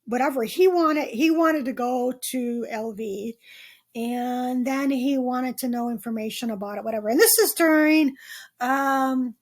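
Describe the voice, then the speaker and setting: A woman's voice: high voice, unhurried. A woman hosting a podcast, talking casually and rambling through her dream notes with many ums and restarts. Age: not 27. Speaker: podcast host. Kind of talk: casual dream-journal monologue.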